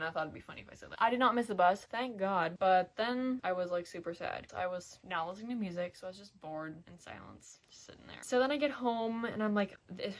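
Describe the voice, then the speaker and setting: A teenage girl vlogging a casual storytime, rambling with lots of filler words and muttering hushed asides to herself. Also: medium pitch. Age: teens.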